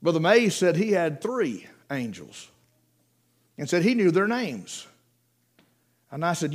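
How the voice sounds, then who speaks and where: Preacher guy, high voice that jumps all over, tells bible stories, goes quiet for effect. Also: normal speed, long pauses. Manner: animated storytelling preaching, acts out quoted voices, drops to a hush for emphasis. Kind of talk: sermon.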